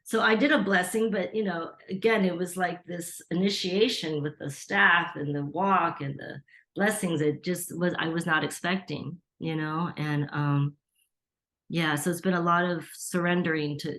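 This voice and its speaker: A woman's voice: low-pitched, steady tone, normal speed, a bit bright. A middle-aged woman, a podcast guest, telling a story in casual conversation and acting out the voices of people she quotes. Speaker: podcast guest, Reiki teacher.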